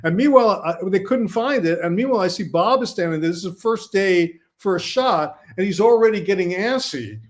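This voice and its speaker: Man from Brooklyn, film director guest, highish voice, animated storyteller. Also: fairly quick, hardly any pauses. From Brooklyn, New York. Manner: animated anecdotes, quotes himself and others. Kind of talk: casual storytelling.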